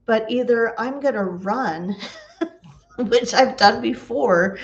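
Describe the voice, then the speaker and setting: A woman's voice: a little high, takes it slowly, muffled recording. A woman vlogger telling funny stories in a chatty way, laughing often and acting out the dialogue. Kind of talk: casual storytelling.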